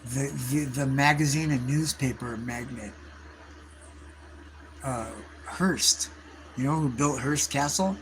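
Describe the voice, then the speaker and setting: A man's voice: mid-range voice, slow pace, long pauses, a little hiss or hum, poor audio. A man, rambling through stories on a livestream in profane slang. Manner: profane, slangy, calls listeners dude and bro. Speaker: livestream host.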